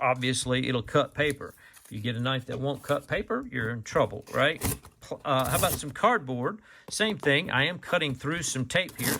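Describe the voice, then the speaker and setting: A man's voice: mid-range voice, gravelly, pushed and bright, a little hiss or hum. A man giving a casual, rambling knife review, folksy and saying "y'all" often.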